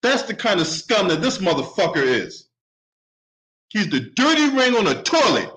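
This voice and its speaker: A man with a high-pitched voice rants angrily through a solo sports commentary. He swears freely and keeps pushing his point with a sharp "right?". His anger stays steady and heated all the way through. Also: moderate pace, low-quality recording. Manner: profane, heated, repeatedly asks "right?". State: openly angry. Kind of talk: angry solo commentary rant.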